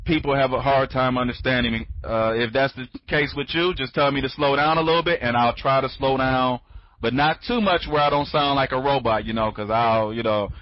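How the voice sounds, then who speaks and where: A tired man hosting a casual online training call, talking quickly, rambling and repeating himself with many restarts. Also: mid-range voice, a little hiss or hum. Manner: talks fast when excited. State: sleepy, tired. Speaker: online training conference host. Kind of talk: casual live webinar talk. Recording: dry, dull lo-fi audio.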